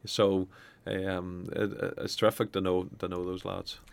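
A former footballer, a man, answering an interview in a halting way with many restarts. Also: low voice, flat delivery, creaky.

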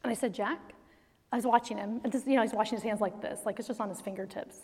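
A middle-aged woman speaking to an audience of mothers in a faith-based talk, telling stories in an animated way and laughing often. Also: a little high, fast, breathy edge. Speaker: speaker to moms. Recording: long hall reverb.

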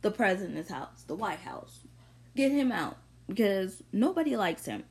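A woman's voice: medium pitch, sing-song, moderate pace, darkish tone. A young woman vlogger ranting bluntly through an unscripted monologue, full of profanity and confrontation. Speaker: vlogger sharing opinions.

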